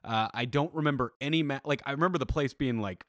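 A man's voice: medium pitch, fast talker, a bit bright, no echo, clean studio sound. Laid-back man on a podcast. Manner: jokey, does mock impressions, laughs often. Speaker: podcast co-host. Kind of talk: casual chat.

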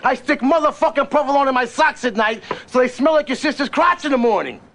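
A crude loudmouth with a piercing, very high voice, as a male comic puts him on. He rattles off vulgar boasts at a quick clip. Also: animated, exaggerated voice. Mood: mocking.

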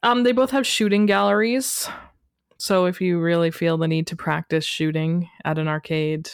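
A woman from western Canada co-hosting a podcast in casual chat, playful and quick with jokey asides. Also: lowish voice, vocal fry, no room sound, studio quality. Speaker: podcast co-host.

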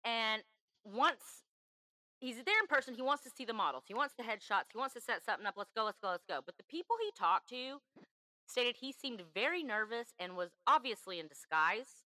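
A woman's voice: on the high side, animated, normal speed, pushed and bright, no room sound, low-quality recording. A woman hosting a true crime podcast, telling the story in an emphatic, chatty way. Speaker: podcast host.

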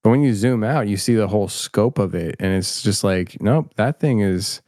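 Casual guest spot: middle-aged man, low voice, rambling, self-mocking, dry close sound. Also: normal speed, a little mellow, no room sound. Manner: rambling and self-deprecating, many restarts. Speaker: podcast host, guest filmmaker. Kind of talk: casual interview chat.

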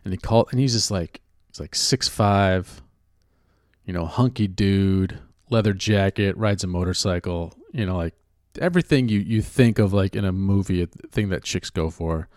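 California guy, actor/writer type, lowish voice, sarcastic and sweary, rambly, dry close sound. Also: moderate pace, a little mellow, dry recording. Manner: sarcastic, profane, rambling with many restarts. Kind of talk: casual chat.

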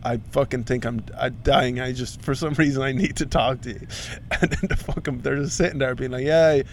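A man's voice: medium pitch, steady tone, fairly quick, a little hiss or hum. A young man telling a comic story on a podcast, swearing freely and acting out the voices of other people. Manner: swears a lot, acts out voices. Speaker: podcast co-host.

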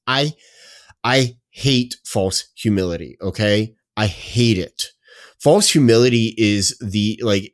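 A man's voice: fairly low pitch, no echo, studio quality. Emphatic man ranting on a podcast. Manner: emphatic, repetitive, self-interrupting. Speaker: podcast co-host. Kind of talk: casual ranting chat.

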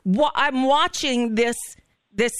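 A woman's voice: sits high, slow pace, a bit bright, clear, resonant tone. A woman hosting a political talk radio show, upset and shaking with anger, stammering through emphatic outbursts. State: shaken and upset.

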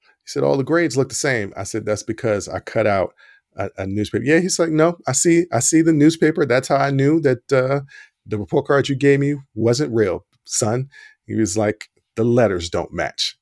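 A man's voice: medium pitch, normal speed, no echo, clean studio sound. A man hosting a podcast, telling a personal story and acting out the voices in it. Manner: animated storyteller, acts out quoted dialogue. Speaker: podcast host.

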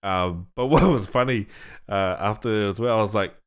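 Low-voiced New man, laid-back chat. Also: moderate pace, clean tone. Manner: rambling, laughs often, swears casually, many fillers. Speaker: podcast co-host. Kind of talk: casual chat. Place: studio.

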